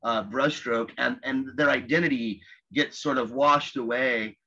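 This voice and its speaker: A man talking in a casual group discussion, halting often, restarting and repeating words as he searches for phrasing. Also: mid-range voice, steady tone, pushed and bright. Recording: dull lo-fi audio.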